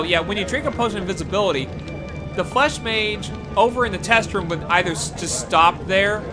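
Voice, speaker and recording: A man hosting a casual livestream over gameplay, rambling with many fillers and restarts. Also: sits high. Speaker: gaming channel host. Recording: game music playing behind the voice. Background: game soundtrack music.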